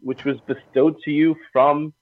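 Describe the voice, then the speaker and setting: A man's voice: a little high, level tone, a little slow, no room sound. A man, a guest on a wrestling podcast, speaking frankly and stammering often. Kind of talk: casual podcast chat. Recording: tinny phone-like line, dry.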